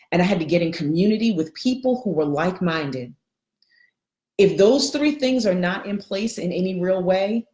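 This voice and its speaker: A middle-aged woman with a lilt leads a live coaching talk. Her voice sits fairly low and swings up brightly when she greets viewers. The room has a noticeable echo. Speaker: life coach.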